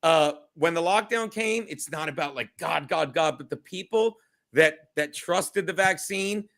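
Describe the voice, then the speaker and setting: High, bright-voiced rambling man. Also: a little slow, creaky. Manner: rambling, tangents, mock voices. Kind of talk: casual chat.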